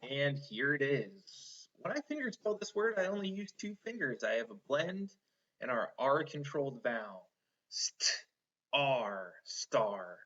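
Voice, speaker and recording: Guy teaching a kid spelling, slow and patient, bright voice, kinda dull lo-fi sound. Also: medium pitch, very animated. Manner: patient, encouraging, sounds words out slowly. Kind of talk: one-on-one spelling lesson.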